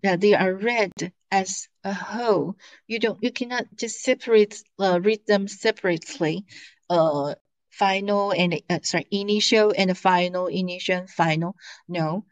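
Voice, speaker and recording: A woman teaching pronunciation in a lesson, patient and repeating each syllable for students to follow. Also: mid-range voice. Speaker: Mandarin teacher.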